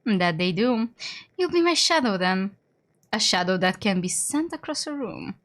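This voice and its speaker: A woman's voice: mid-range voice, big pitch swings, moderate pace, a bit bright, voice pushed down. Woman doing a suave teasing merchant man. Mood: flirtatious.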